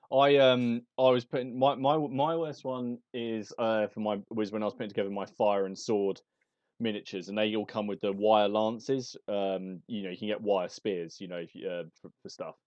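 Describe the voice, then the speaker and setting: A man's voice: lowish voice, fairly even intonation, moderate pace, a little mellow, no echo, highs cut off. A man chatting on a podcast, rambling through a story with lots of restarts and chuckles. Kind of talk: casual chat.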